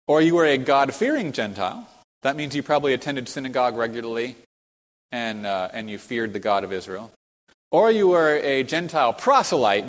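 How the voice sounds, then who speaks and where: A man teaching a Bible lesson as a sermon, explaining the passage step by step, reading quotes aloud and pointing to a map. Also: medium pitch. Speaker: preacher teaching a Bible study. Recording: long hall reverb.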